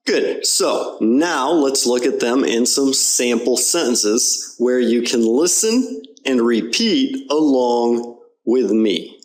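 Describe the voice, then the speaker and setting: A man's voice: mid-range voice, expressive, slow pace. A man teaching English pronunciation, explaining patiently and over-enunciating words for learners to repeat. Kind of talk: slow, clear pronunciation lesson.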